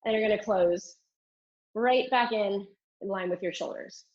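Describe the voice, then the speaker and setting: A woman's voice: mid-range voice, measured pace, a little mellow. A woman Pilates instructor cueing and counting reps in a live online class, exercising along and a bit strained. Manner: upbeat counting and cueing while doing the moves. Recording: slightly dull lo-fi stream audio.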